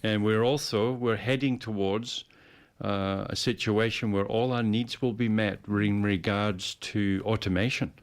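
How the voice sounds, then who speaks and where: Man, low pitch, casual chat, rambling, repeats words. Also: steady tone, measured pace. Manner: rambling, repeats words, puts on playful voices.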